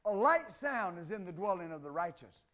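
Male pastor with a strikingly high voice, preaching exuberantly, bursts of laughter, loud and soft in turn. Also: big pitch swings, moderate pace. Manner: exuberant preaching, swinging between loud declarations and quiet asides; laughs between points. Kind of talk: sermon.

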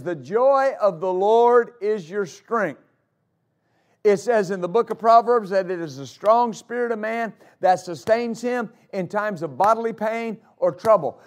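A male pastor preaching a sermon, emphatic, repeating phrases for stress and swinging between loud declarations and quiet asides. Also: sits high.

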